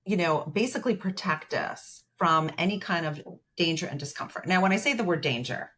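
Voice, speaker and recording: Speaking as a guest on an interview podcast, a female therapist gives long, filler-heavy explanations and voices the lines of a client story. Her fairly low, bright voice is lively and a bit fast, with slight hiss or hum in the recording.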